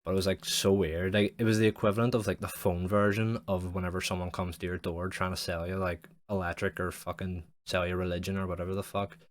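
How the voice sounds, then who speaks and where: A man's voice: low voice, flat delivery, fast, few pauses. A young man, hosting a casual solo podcast and rambling with lots of swearing and "like". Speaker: podcast host.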